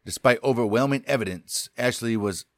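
A man's voice: medium pitch, fairly quick, dry recording. A man co-hosting a casual podcast, reading an outlaw story aloud, joking and stumbling over place names. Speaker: podcast co-host. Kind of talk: casual chat reading a true-crime story.

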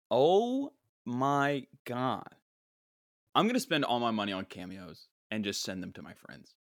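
Podcast host, young man, animated comic disbelief, dry sound. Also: on the high side, no room sound. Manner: incredulous, animated, mock-exasperated. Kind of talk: casual comedic reaction.

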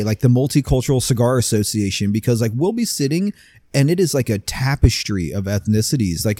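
A man's voice: mid-range voice, warm tone, no room sound. A man co-hosting a podcast in a warehouse studio, talking bluntly in casual chat, swearing freely and restarting often. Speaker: podcast co-host.

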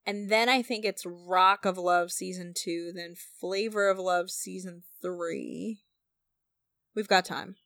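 A woman's voice: lowish voice, fairly even intonation, slow, vocal fry, a bit bright, dry recording, studio quality. A young woman co-hosting a podcast, recapping episodes in casual, profane chat with sarcastic asides. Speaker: podcast co-host recapping a reality show.

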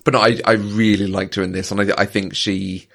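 A man co-hosting a casual movie podcast, talking thoughtfully with frequent restarts and soft chuckles. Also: fairly low pitch, level tone, fairly quick, creaky. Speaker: podcast co-host.

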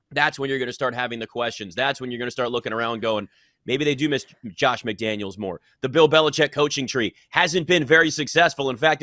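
A man's voice: a little high, fairly bright tone, dry recording, studio quality. A man hosting a sports talk debate, emphatic and opinionated.

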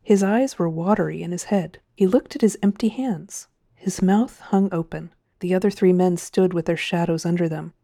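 A woman reading a science fiction story aloud in a measured, expressive way. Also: fairly low pitch, vocal fry, no room sound, clean studio sound. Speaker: narrator. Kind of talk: audiobook narration.

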